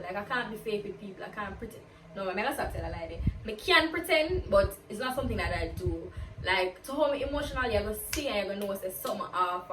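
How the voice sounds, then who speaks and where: A woman's voice: mid-range voice, background noise. A woman chatting casually as a vlogger, answering get-to-know-me questions and peppering her talk with "like". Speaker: YouTuber. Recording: roomy, distant from the mic, faint ambience.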